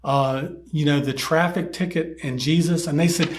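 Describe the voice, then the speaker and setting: Man, storytelling talk, higher voice, lively, jumps up to mimic kids' shouting. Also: slight background noise. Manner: animated, acts out children's shouts in a higher voice; halting, repeats words. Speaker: children's teacher telling a story.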